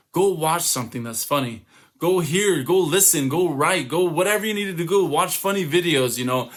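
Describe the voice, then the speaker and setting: Bright-voiced man giving a lively youth talk. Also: on the high side. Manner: lively storytelling with acted-out quotes and laughter. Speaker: comedian and youth speaker. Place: home, online summit. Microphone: video call.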